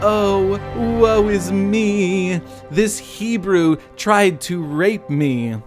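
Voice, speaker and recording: A woman's voice: mid-range voice, extremely slow, music in the background, pitched above the performer's own voice. A man voicing an overdramatic, scheming noblewoman who plays every line over the top.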